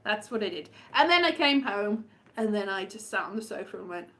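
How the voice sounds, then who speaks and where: A woman's voice: mid-range voice, expressive, a little fast, fairly bright tone. A woman comic poet rambling through a self-mocking monologue full of wandering asides.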